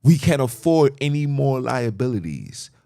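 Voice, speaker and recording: A man's voice: medium pitch, sing-song, moderate pace, creaky, warm tone. A middle-aged man hosting a podcast, delivering an emphatic, repetitive, lecturing monologue. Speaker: podcast host. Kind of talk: preachy monologue.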